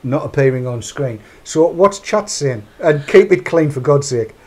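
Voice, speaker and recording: A man's voice: fairly high pitch, animated, moderate pace. A man hosting a live online panel chat, wry and teasing with his guests. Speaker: show host.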